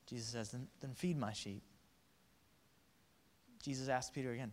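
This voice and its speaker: Casual joking preacher in a big hall. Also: male voice, medium pitch, normal speed, long pauses. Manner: energetic, joking, acts out quotes in voices. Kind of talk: casual sermon. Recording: reverberant hall.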